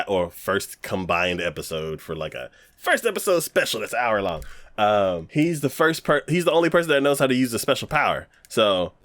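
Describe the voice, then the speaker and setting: Animated man retelling a cartoon plot. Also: medium pitch, no echo. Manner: animated plot retelling full of acted-out quotes; loose and rambling with many fillers and restarts. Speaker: podcast co-host. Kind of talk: casual podcast chat.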